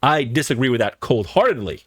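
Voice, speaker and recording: A man's voice: medium pitch, big pitch swings, fairly quick, fairly bright tone, no room sound. An American man hosting a reaction video, joking and emphatic as he talks straight to his viewers. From United States. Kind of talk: casual commentary.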